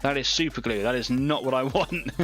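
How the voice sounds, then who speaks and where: A man's voice: medium pitch, unhurried, fairly bright tone. A young man from Devon with a West Country accent, chatting casually as co-host of an online painting club while he works, rambling and laughing often. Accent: West Country English. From Devon, England. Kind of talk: casual livestream chat while painting miniatures.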